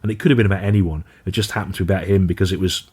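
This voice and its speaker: Middle-aged comedian, lowish voice, dry and wry storyteller. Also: male voice, steady tone, racing, darkish tone, breathy edge. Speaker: comedian guest. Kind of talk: storytelling in casual conversation.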